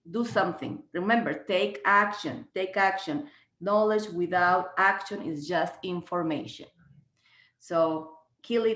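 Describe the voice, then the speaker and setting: A woman with a Spanish accent presents an online real estate training, earnest and halting, restarting her phrases often. She speaks in a middle register over a video call, and the sound rings in an echoey room. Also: mid-range voice. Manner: earnest, many restarts and fillers.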